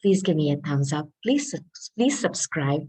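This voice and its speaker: A woman's voice: deep voice, very animated, dark tone, husky, rough recording. A woman giving a tarot reading, talking straight to the listener in an earnest, coaxing way and often checking in with "okay?". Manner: reads card messages aloud slowly. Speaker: tarot reader.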